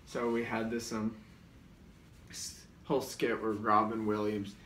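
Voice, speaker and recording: Here the same kind of comic recollection comes in a lowish, monotone voice at a measured pace, slightly bright, with some background noise. The co-host rambles, restarts and leans on fillers, picked up by a distant mic in an echoey room.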